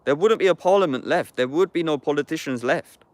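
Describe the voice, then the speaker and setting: A man's voice: on the high side, brisk, darkish tone, dry recording. Blunt, sweary man. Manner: blunt, heated and sweary, saying "bruv" constantly. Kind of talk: casual livestream chat.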